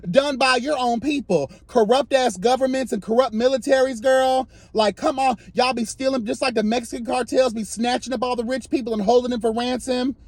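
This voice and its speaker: A man giving an impassioned, sassy commentary rant, swinging between soft asides and loud emphatic outbursts. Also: extremely high pitch, no room sound.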